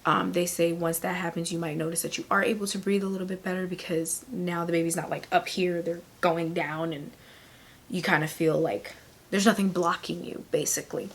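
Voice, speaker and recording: A heavily pregnant woman talking casually to her camera, short of breath, rambling with fillers and often dropping to a breathy near-whisper. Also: lowish voice, little pitch movement, fairly quick. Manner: chatty and rambling, many fillers, laughs often. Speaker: vlogger.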